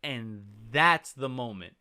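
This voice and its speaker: A man on a casual podcast, telling a story in an animated way with casual swearing. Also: medium pitch, slow pace, clear, resonant tone. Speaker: podcast co-host.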